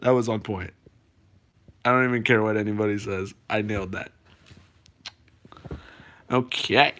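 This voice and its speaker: A man's voice: lowish voice, steady tone, unhurried, a bit bright. A man live-streaming from home, chatting loosely with his viewers and rambling through fillers and restarts. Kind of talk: casual live-stream chat.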